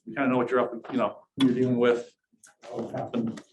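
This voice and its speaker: A middle-aged man talks frankly to a room of listeners, conversational and plain-spoken, slipping in dry, dark humor as he leads a workshop session. His mid-pitched voice carries a roomy echo, with faint background noise underneath. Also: flat delivery, fast talker. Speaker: university accessibility office director. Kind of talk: workshop presentation. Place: presentation room with an audience.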